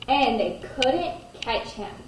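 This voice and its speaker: Female kindergarten teacher, storybook read-aloud, high pitch, distant mic with faint noise. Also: lively intonation, roomy sound. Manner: gentle, pauses to ask children questions. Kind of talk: reading a picture book aloud to children.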